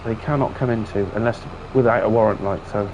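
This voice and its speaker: A man's voice: on the low side, fairly even intonation, fast talker, a little mellow, dull audio, a little hiss or hum. A man streaming a farming game, chatting casually and telling stories with a lot of swearing and acted-out dialogue. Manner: chatty storyteller, swears freely, acts out dialogue. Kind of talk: casual chat while gaming.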